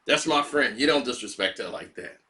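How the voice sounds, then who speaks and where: A man voicing a calm, cool athlete who lays down the law in a low, steady voice. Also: fairly quick. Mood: firm. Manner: low, laid-back and steady. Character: famous basketball player, calm and cool man.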